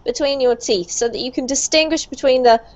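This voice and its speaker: A woman's voice: high voice, a little fast. A woman teaching an online pronunciation class, encouraging and upbeat, praising students often. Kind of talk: online group pronunciation lesson. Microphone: video call. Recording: dull lo-fi video call audio.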